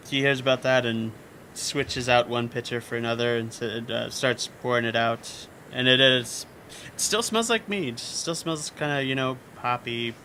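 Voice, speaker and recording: A man's voice: medium pitch, bright, forceful tone, slight background noise. A man narrating a tabletop game as game master, casual and rambling, often laughing.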